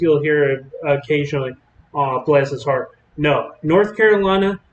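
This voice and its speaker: Chatty storm-chasing streamer, echoey lo-fi. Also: male voice, a little high, a little hiss or hum. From Texas. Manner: chatty, rambling, drawling with fillers. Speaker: live storm-coverage streamer. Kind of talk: casual live-stream commentary.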